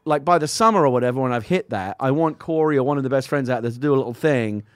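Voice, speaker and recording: A man chatting casually as a podcast co-host, relaxed and laid-back, swearing now and then. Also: medium pitch, quick pace, clear, resonant tone, no room sound, studio quality. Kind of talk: casual chat.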